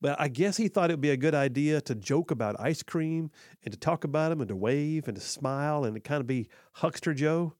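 A man's voice: a little high, expressive, fairly quick, darkish tone, dry recording, studio quality. Opinionated male talk radio host. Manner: opinionated, repeats points for emphasis. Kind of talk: conversational political talk radio.

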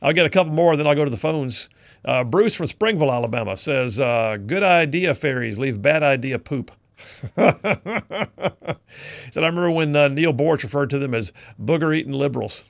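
A man's voice: mid-range voice, lively intonation, normal speed, gravelly, dry recording, clean studio sound. A man hosting a talk radio show, reading out listener texts in a folksy, chatty way. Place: radio studio.

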